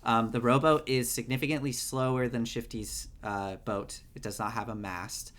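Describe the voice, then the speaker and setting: A man narrating a tabletop game as game master, relaxed, with many fillers. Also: medium pitch, normal speed.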